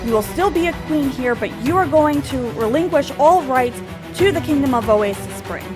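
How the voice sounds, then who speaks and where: A woman playing a cold, commanding king who talks down to everyone around him. The voice sits fairly high and pushes hard and loud on every order, with background music running underneath. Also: moderate pace, natural voice. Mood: domineering. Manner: loud, insistent, bullying.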